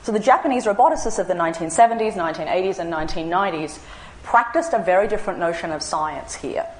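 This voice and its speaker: A woman speaker tells a story with a lively, swooping voice and plays out both sides of a conversation. She is recorded in a roomy, echoey hall. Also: fast talker. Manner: animated, acts out both sides of a dialogue with big pitch jumps. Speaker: speaker giving a talk. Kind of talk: storytelling lecture.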